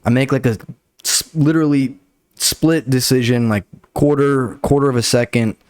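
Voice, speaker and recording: A man's voice: mid-range voice, steady tone, moderate pace, darkish tone, dry recording, studio quality. A young man, a comedian hosting his podcast, telling rambling, profane stories and acting out the people in them. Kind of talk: casual solo storytelling. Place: Los Angeles area.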